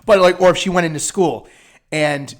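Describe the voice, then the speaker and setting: A man's voice: high voice, normal speed. A man co-hosting a podcast, chatting casually and laughing easily. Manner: laughs easily, relaxed and conversational. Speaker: podcast co-host. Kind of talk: casual chat.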